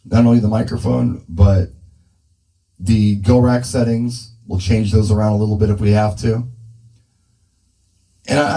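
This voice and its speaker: A mellow, fairly low male voice comes through a handheld dynamic mic and PA speaker as a mobile DJ tests his equipment inside. It's casual demo talk, him thinking aloud while changing settings, and the audio is poor.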